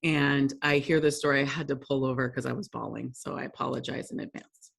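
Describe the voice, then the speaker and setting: A woman's voice: rumbling low, fairly even intonation, brisk, creaky, husky. Chatty woman leading a workshop. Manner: conversational, laughs often, self-deprecating. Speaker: workshop presenter. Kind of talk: workshop lesson with storytelling.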